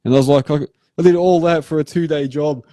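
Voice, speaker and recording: An Australian man hosting a live show, rambling through animated work stories in casual chat. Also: fairly high pitch, fast talker, dry recording. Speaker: host.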